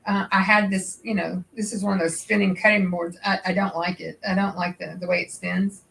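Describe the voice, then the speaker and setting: A woman's voice: lowish voice, flat delivery, a little fast, creaky, a bit bright, rough recording. A woman hosting a crafting livestream, chatting nervously and rambling as she thinks aloud. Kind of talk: casual livestream chat while sewing.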